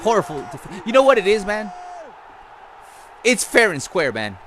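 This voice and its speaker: High, animated man ranting over gameplay. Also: normal speed, a little hiss or hum. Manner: frustrated, swearing, ranting at the game. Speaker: gaming streamer. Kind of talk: live gameplay commentary.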